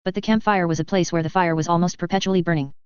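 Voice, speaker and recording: A woman reading a first-person audiobook narration at an even, measured pace. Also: on the low side, clean tone, dry recording, lo-fi sound.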